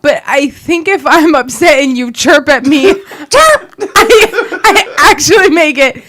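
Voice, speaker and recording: A woman's voice: high voice, measured pace, very noisy. A woman co-hosting a casual talk show, telling stories with lots of giggling. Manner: giggly storytelling. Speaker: co-host. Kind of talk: casual chat.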